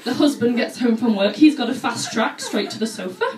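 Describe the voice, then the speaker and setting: A woman with a high, bouncing voice performs stand-up in a chatty, animated way, slipping into other people's voices for her stories. She sounds roomy and a bit distant, recorded in a venue from across the room with faint background noise. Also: a little fast. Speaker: stand-up comedian. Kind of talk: stand-up routine. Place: comedy club stage with audience laughter.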